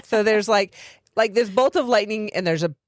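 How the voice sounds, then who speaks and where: A woman's voice: mid-range voice, normal speed, no room sound, studio quality. A woman co-hosting a podcast, chatting casually and rambling through a film recap with lots of filler words. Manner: rambling, giggly, many "like" fillers. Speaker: podcast co-host.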